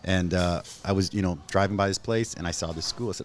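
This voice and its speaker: A Canadian man in his thirties hosting a casual chat, telling stories with animated acted-out quotes. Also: sits low, fast talker, a little hiss or hum. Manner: animated storyteller, acts out quotes. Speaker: host.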